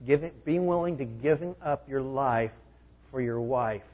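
A pastor preaching a sermon in a conversational style, driving points home with emphatic repeated phrases. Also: male voice, medium pitch, a little slow, darkish tone, highs cut off.

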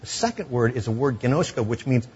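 Husky guy preaching, chatty sermon, kinda dull lo-fi sound. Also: medium pitch, lively intonation, brisk. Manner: conversational, drops to hushed tones for emotional moments.

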